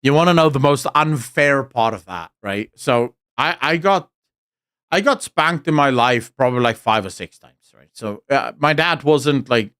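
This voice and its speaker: A man's voice: medium pitch, fairly bright tone, clear, resonant tone, dry recording. South african guy streaming, swears a lot, blunt storyteller, dry close sound. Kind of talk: casual chat.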